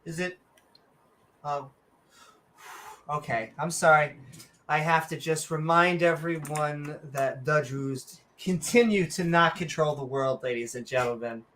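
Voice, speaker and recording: A woman co-hosting a late-night chat show with a bright, sharp tone. She talks at an unhurried pace and keeps up a sarcastic, joking patter full of mock-announcer asides. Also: low-pitched, slight background noise. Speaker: podcast co-host. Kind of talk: casual livestream chat.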